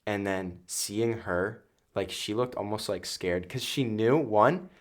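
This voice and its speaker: A young man with a notably deep, low-pitched voice chats casually as a podcast guest. He rambles earnestly, leaning on fillers as he tells his story. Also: takes it slowly. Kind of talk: casual chat.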